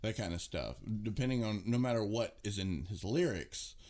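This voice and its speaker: A man with a low voice co-hosting a casual music podcast. He talks in an easygoing, slangy way, peppering his lines with "you know". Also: lively intonation, moderate pace, a little mellow. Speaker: podcast co-host. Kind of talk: casual chat.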